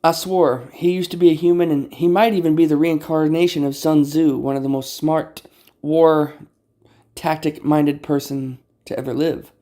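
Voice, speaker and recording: A man's voice: on the high side, steady tone, moderate pace, warm tone. A man casually filming his cats at home on a camera on a tripod. He talks playfully, swears freely and coos at them in baby talk. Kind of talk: casual livestream chat. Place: indoors at home. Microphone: phone or camera on a tripod.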